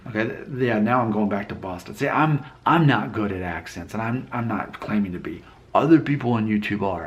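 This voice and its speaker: A man from Alabama chats to camera in a loose, rambling way and pokes fun at himself. His voice is low and gravelly with plenty of fry. He thinks out loud as he goes. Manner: rambling, thinks aloud, self-deprecating. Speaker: vlogger. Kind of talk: casual talking-head commentary.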